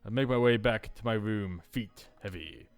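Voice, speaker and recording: A man's voice: fairly low pitch, normal speed. A man hosting a let's play, reading a visual novel aloud with playful, jokey asides.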